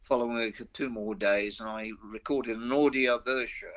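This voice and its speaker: A man's voice: mid-range voice, steady tone, normal speed, fairly bright tone. Chatty older man with Black Country accent. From Black Country, English Midlands. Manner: chatty, rambling anecdotes with self-mocking humour. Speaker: veteran rock guitarist, interview guest. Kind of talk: casual interview chat.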